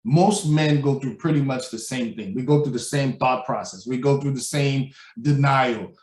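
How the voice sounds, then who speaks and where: A man's voice: mid-range voice, moderate pace, recorded from a distance. A man co-hosting a casual podcast, talking animatedly and acting out people he quotes. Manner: animated, acts out quoted voices, laughs loudly. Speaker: podcast co-host. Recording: echoey room, voice a bit off mic.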